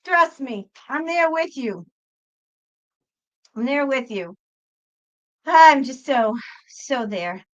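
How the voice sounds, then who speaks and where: A woman's voice: high-pitched, lively intonation, slow pace, pauses often, muffled recording. A woman hosting a psychic livestream, talking back to her chat in a profane, exasperated rant. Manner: talks back to chat viewers.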